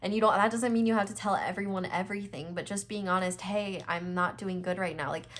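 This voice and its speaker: A woman's voice: mid-range voice, steady tone, a little fast, fairly bright tone, a little hiss or hum. A young woman giving a casual, reassuring tarot reading, talking earnestly with many fillers, her nose stuffed up and close to tears. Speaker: tarot reader.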